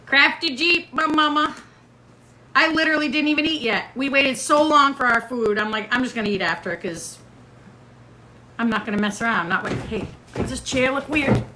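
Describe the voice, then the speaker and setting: A woman's voice: on the high side, noisy background. A middle-aged woman hosting a casual livestream, chatting playfully and reading out viewer comments while she waits for a guest. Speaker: livestream host.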